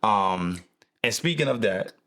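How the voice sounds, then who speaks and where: Young man, podcast co-host; low-pitched, animated and jokey, leans into preacher-style emphasis. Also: a little slow. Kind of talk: casual chat.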